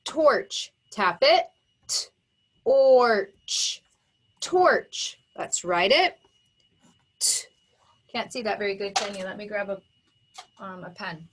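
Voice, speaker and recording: A woman teaching a phonics lesson to young children, sounding words out slowly and emphatically and praising their work. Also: medium pitch, fairly bright tone, breathy edge. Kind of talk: slow, exaggerated phonics dictation for young children.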